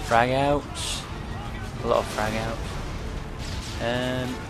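A man with a desk microphone giving excitable, swearing, self-mocking commentary on his own gameplay. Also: medium pitch, extremely slow, loud music behind the voice. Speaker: gaming channel host. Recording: loud game sounds behind. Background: gunfire and vehicle noise from the game.

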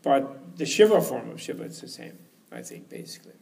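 A man's voice: mid-range voice, huge pitch swings, a little fast, vocal fry, a little mellow. A man giving an informal teaching talk at a retreat, rambling and chuckling as he tells stories. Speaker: lecturer. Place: retreat hall.

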